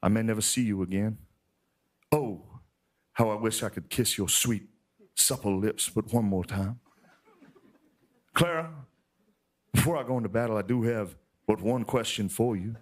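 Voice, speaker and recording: A man doing an impression of an old Southern male historian, telling folksy stories in a slow drawl during a stand-up set. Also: lowish voice, lightly acted. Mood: wistful.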